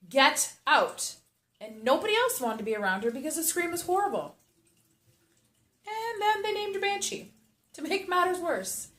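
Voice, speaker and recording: A woman's voice: a little high, fairly bright tone. A woman who teaches classes for mothers and babies, frankly and emotionally telling her own story and repeating short phrases for emphasis. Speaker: mother and baby class instructor. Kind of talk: candid personal storytelling to camera. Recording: roomy echo.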